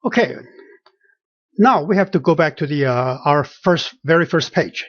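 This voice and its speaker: Slow, halting man teaching tones. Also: a little high, expressive, no room sound. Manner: slow and halting, many fillers, repeats words to model pronunciation. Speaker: Chinese language teacher. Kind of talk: explaining a language lesson. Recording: dull lo-fi dry recording.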